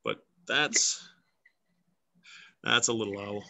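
A man's voice: on the low side, slow, vocal fry, pushed and bright. A man, a woodcarver, chatting casually and playfully as he shows his work on a live video call, laughing often. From Canada. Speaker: guest woodcarver. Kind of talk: casual demonstration over a live video chat.

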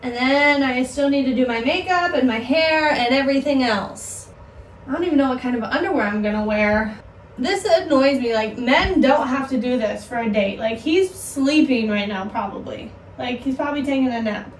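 A woman's voice: high-pitched, normal speed, slight background noise. A young woman in her twenties chatting casually to camera for her vlog, bubbly and full of "like". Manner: chatty, bubbly, says "like" a lot. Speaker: vlogger. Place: home and car.

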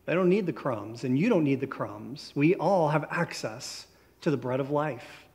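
Pastor preaching in a reverberant church. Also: male voice, fairly high pitch, animated. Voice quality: conversational, warm storytelling delivery with slow emphatic phrases. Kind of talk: sermon. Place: church sanctuary.

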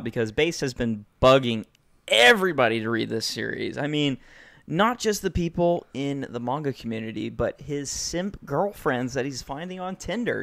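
Teasing American man with a gravelly voice. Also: mid-range voice. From United States. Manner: teasing, joking banter. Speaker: podcast host. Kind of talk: casual chat. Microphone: video call.

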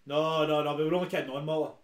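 Young Scottish co-host, rapid banter, roomy echo, music faintly behind. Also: male voice, fairly high pitch, fairly even intonation. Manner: banterous, quick, sweary. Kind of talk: casual chat. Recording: echoey room with music behind.

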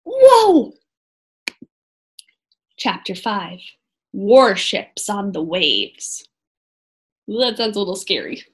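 Woman, teacher reading aloud, lively pitch, slow and clear. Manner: expressive, pausing to ask children for predictions. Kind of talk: read-aloud storybook lesson.

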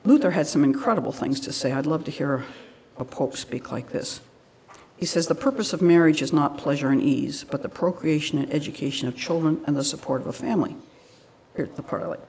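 A woman's voice: low-pitched, fairly quick, a little mellow, a little hiss or hum. A woman giving a public lecture, telling stories in a conversational way with frequent asides.

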